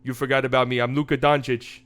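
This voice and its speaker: Man putting on an arrogant hoops superstar, dismissive, trash-talking, bright voice. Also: mid-range voice, little pitch movement, fast talker, pitched below the performer's own voice, lightly acted.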